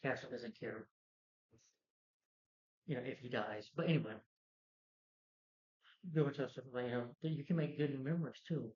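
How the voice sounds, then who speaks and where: A man's voice: mid-range voice, moderate pace, long pauses, a little mellow. A man reviewing a movie, retelling the plot in a loose, rambling way full of "you know" and "like". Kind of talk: casual plot recap. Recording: roomy, dull lo-fi sound.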